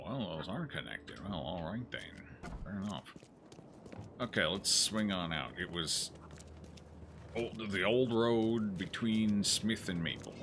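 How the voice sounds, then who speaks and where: A man with a low, bright voice that moves up and down a lot talks casually over a game he is playing. He jokes, thinks aloud and reads out on-screen text, with a faint hiss behind him. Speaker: gaming streamer. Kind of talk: casual let's-play commentary.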